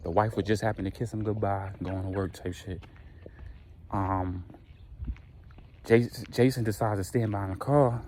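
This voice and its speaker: A man casually retelling a dramatic story in slangy, animated speech. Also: fairly low pitch, normal speed, long pauses, a little hiss or hum.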